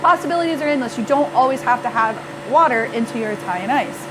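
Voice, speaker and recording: A woman's voice: a little high, lively intonation, fast talker, noisy background. Confident woman demonstrating a recipe. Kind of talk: demonstration talk.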